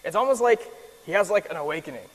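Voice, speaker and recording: A man with a fairly high voice gives a conversational sermon from slides, earnest and casual, dotted with fillers and restarts. His voice rings out with a long reverb, as if spoken in a large hall. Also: lively intonation, fast talker. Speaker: preacher teaching a Bible lesson.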